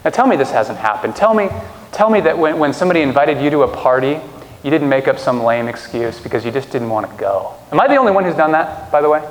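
A man's voice: fairly high pitch, big pitch swings, fast. A man preaching a sermon from a stage in a conversational way, asking rhetorical questions and acting out quotes. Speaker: pastor. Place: church stage. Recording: echoey hall reverb.

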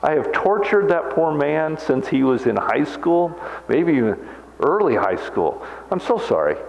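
A man in his sixties preaching a sermon as pastor, animated and self-mocking, with quick jokes. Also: on the high side, creaky, slight background noise. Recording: echoey hall, dull lo-fi sound.

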